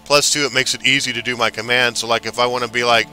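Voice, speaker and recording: A man's voice: medium pitch, little pitch movement, fast, sharp tone, soft background music. A man streaming a game live, chatting casually and hyping up his viewers. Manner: chatty, hyped, talks back to viewers.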